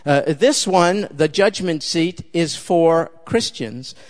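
A man's voice: fairly high pitch, slow. An older man preaching a sermon, emphatic and conversational, often turning to the listeners with direct questions.

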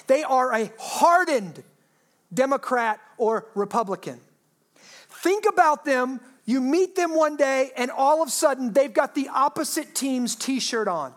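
Woman pastor preaching, high voice, jokey, keeps asking the crowd questions. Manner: lively, humorous, asks the audience rhetorical questions. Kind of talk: sermon.

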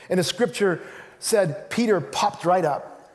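A man preaching a sermon as pastor in a church, telling the story in an animated way and acting out the quotes. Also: sits high, a little slow. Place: church sanctuary. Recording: reverberant church hall.

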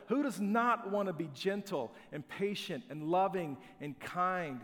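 A man's voice: sits high, animated, unhurried, fairly bright tone. A middle-aged man preaching a sermon as a pastor, telling family stories in a conversational, self-deprecating way. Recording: long hall reverb.

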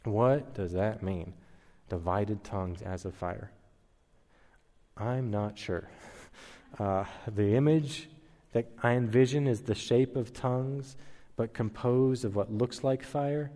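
A man's voice: on the low side, slow pace, pauses often, mellow, long reverb tail. A man preaching an expository sermon, teaching in a methodical way and counting off his points one by one. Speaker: pastor.

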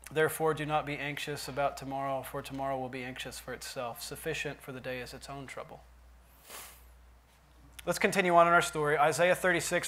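A man preaching a sermon in a church, dropping to quiet asides and rising to loud emphatic lines. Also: on the high side. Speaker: pastor.

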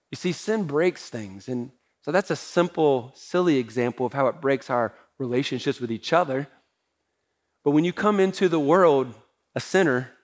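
A man preaching a sermon as pastor, talking in a conversational way with self-deprecating humor. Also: on the high side.

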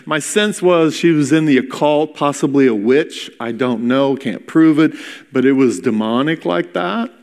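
A middle-aged man, a pastor, preaching and telling a story in an animated way, acting out the dialogue and moving between loud and hushed moments. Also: fairly high pitch, a little slow. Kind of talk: sermon storytelling. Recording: long reverb of a large hall.

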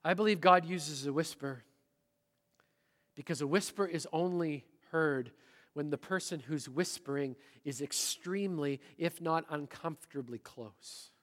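A middle-aged man preaching a sermon as pastor, swinging between loud emphasis and a near-whisper. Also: on the high side, measured pace. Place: church sanctuary. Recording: long hall reverb.

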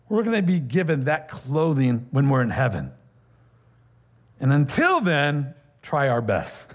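A man preaching a sermon as pastor, talking conversationally with laughs, fillers and quick asides. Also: fairly high pitch, expressive.

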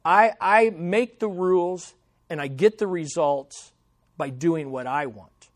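A man's voice: slow, no room sound, studio quality. A man putting on a snarling mafia boss with a mock Italian accent. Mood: possessive. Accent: put-on Italian. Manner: low, snarling, possessive. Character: snarling mafia boss claiming his turf.

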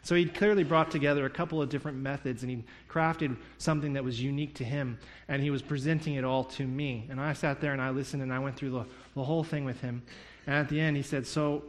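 A man's voice: medium pitch, steady tone, fast talker. Man preaching in a reverberant hall. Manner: storytelling, acting out dialogue. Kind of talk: sermon storytelling.

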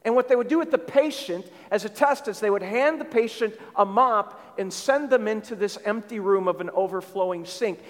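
A man's voice: high-pitched, moderate pace, hardly any pauses. A man preaching a sermon as pastor, repeating phrases for emphasis and lifting his voice when he quotes. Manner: repeats words for emphasis, rising when quoting. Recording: long reverb of a large hall.

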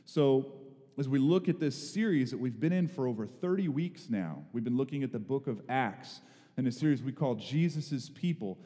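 A man preaching a sermon, telling a personal story in a lively, dramatic storyteller's way, with bursts of raised, excited voice. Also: medium pitch, moderate pace, in a large hall. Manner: storytelling, animated, rising to excited exclamations. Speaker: pastor.

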